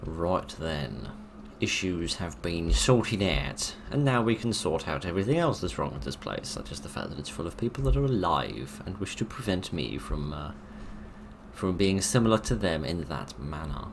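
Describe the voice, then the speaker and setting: A man's voice: sits low, sing-song, normal speed, background noise. A man giving dry, sarcastic let's play commentary while he plays a horror game. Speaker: gaming video narrator.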